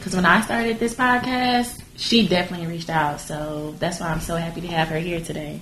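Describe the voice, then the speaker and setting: A woman's voice: on the low side, steady tone, brisk, few pauses, a bit bright. Woman, podcast host, laid-back and chatty, roomy echo, faint hiss. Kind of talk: casual interview chat. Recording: echoey room, faint noise.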